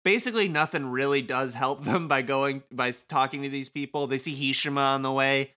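A man's voice: medium pitch, brisk, pushed and bright. A young man co-hosting a podcast, recapping a video game in rambling, casual chat and laughing often. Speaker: podcast co-host.

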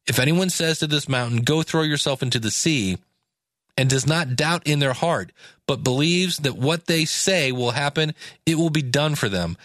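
A man's voice: mid-range voice, fairly bright tone, no echo, clean studio sound. A man giving a casual Bible study talk, reading scripture aloud and breaking off into plain asides with fillers. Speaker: Bible teacher.

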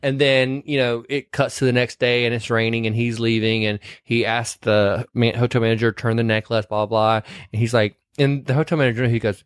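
A man's voice: medium pitch, level tone, fairly quick, hardly any pauses, smooth, dry recording. Man, casual chat, rambling, swearing, laughs easily, dry sound. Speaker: podcast co-host. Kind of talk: casual movie-recap chat.

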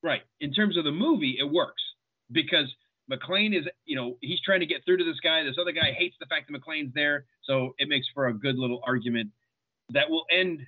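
A man's voice: a little high, moderate pace. A man hosting a podcast, analyzing a film scene in a casual, thinking-aloud way. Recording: tinny phone-like line.

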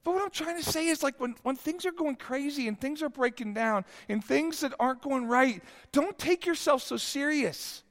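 A man in his fifties preaching a sermon, telling a candid personal story that moves from hushed lines to exclaiming ones. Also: extremely high pitch, normal speed, few pauses, big-room sound. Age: 50s. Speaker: pastor.

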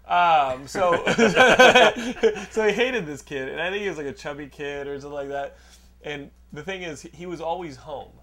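A man's voice: fairly high pitch, a bit bright. A young man hosting a casual podcast chat, telling rambling stories and teasing his guest with lots of laughter. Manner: rambling, teasing storyteller who laughs a lot. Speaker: podcast host.

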